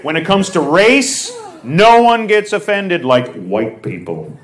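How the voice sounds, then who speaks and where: A stand-up comedian builds his jokes with slow, deliberate setups. His slightly high voice moves around a lot. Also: very animated, a bit bright, echoey room. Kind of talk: stand-up routine.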